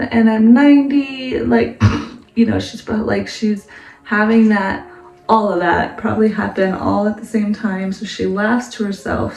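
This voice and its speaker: A woman hosts a casual Bible study vlog, chatty and laughing often as she explains, peppering her talk with "like" and "right?". Her voice is on the high side, a little mellow, with vocal fry. The room is echoey, the mic sits at a distance, and faint music plays.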